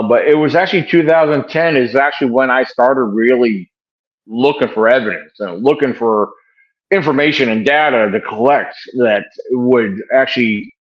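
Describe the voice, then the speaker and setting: An older man talks in a mid-range voice, looping back on himself with lots of ums and restarts. The sound comes through a dull, muffled video call from a room at home. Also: mid-range voice. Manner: rambling, many fillers and restarts, chuckles. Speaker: wildlife and bigfoot researcher guest. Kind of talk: casual interview answers.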